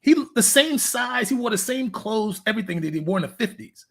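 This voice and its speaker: Guy w a raspy high voice, fitness coach chatting casually, tells stories n does the dialogue. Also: lively intonation, a little fast, a bit bright. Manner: loose, storytelling, acts out conversations. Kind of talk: casual interview chat.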